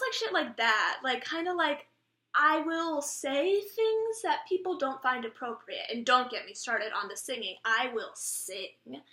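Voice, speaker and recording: A woman's voice: sits high, bright, forceful tone, reverberant. A twenty-year-old woman, an actress, giving a blunt, self-deprecating improvised comic monologue for a self-tape. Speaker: actress auditioning. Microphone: camera mic of a self-tape.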